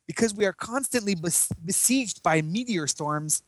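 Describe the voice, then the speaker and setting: A man's voice: high voice, animated, moderate pace, dry recording, pitched above the performer's own voice. A man voicing a timid teenage boy hero who stammers earnestly and humbly.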